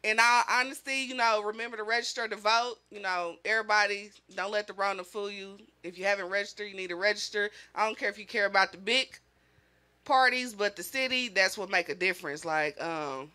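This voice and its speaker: A woman's voice: medium pitch, brisk, pushed and bright. A woman hosting a casual podcast with friends, talking loose and slangy and laughing often. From Kansas City area. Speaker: podcast host.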